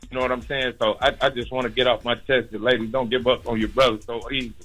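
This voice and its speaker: Guy calling the radio show, earnest n emotional, bright tense voice, music faint. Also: medium pitch, little pitch movement, quick pace, rough recording. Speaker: caller. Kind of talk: call-in radio talk.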